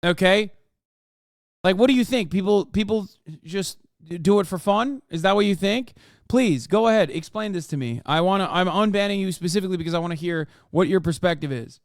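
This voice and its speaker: A male streamer ranting at his chat during a live reaction stream, profane and combative, often yelling. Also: high-pitched, brisk, dry recording, studio quality.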